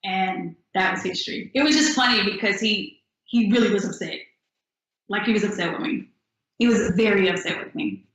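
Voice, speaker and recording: A young adult woman, a singer-songwriter, telling stories in a casual interview with an upbeat, animated manner and acted-out quotes. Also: medium pitch, normal speed, muffled recording. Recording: echoey room.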